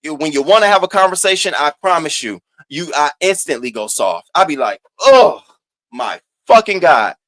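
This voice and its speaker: Sassy, animated man doing gossip commentary. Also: no echo. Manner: animated and profane, swinging between loud outbursts and low asides; sassy, drawn-out emphasis. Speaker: host of a commentary channel.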